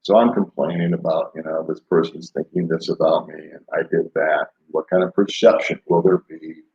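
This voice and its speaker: A man's voice: very deep voice, steady tone, moderate pace, a little mellow. An older man chatting casually on a live stream, rambling and laid-back, laughing often as he answers viewers. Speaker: vlogger answering live chat. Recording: roomy, dull lo-fi sound.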